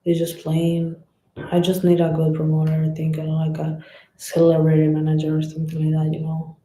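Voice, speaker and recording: Talking fairly quickly in a low-pitched, mellow monotone, a woman boxer with a Spanish accent, Spanish as her first language, responds to comments on a casual live stream, chatting loosely and cursing freely. The low-quality recording has a roomy sound.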